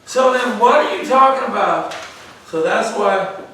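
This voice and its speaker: A man's voice: sits high, lively intonation, a little slow, a bit bright. A man leading a church Bible study, quizzing the group and repeating key words for emphasis. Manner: call-and-response questioning, repetitive emphasis. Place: church room. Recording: echoey room, far from mic, faint noise.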